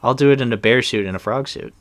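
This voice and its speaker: A man's voice: mid-range voice, fast talker, dry recording. A young man co-hosting a casual movie commentary, talking in a loose, rambling way with lots of fillers. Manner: rambling, loose, with many fillers and trailing sentences.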